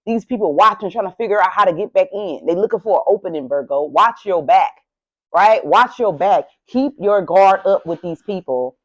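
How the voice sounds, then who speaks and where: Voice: mid-range voice, lively intonation, normal speed, poor audio. Blunt, profane tarot reader ranting. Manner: blunt, heavily profane and emphatic; heated, ranting delivery. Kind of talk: casual tarot reading to camera.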